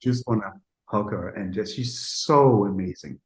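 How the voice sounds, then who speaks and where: A middle-aged man, a music producer, telling anecdotes in a lively, casual way, acting out what people said and swearing freely. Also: fairly low pitch, a little slow, roomy sound, poor audio. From Denmark. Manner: animated, acts out quotes, swears freely.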